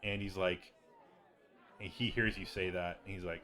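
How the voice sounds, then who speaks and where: A man narrating as game master of a tabletop game, casual and halting with many fillers. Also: low-pitched, fairly even intonation, pushed and bright, some chatter behind.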